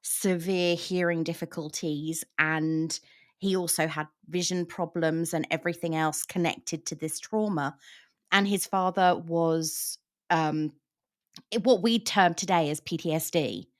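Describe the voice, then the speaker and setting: A woman discussing a novel in relaxed conversation, explaining points carefully. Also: deep voice, measured pace. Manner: explanatory, thoughtful. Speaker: book discussion host. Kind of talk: casual book chat.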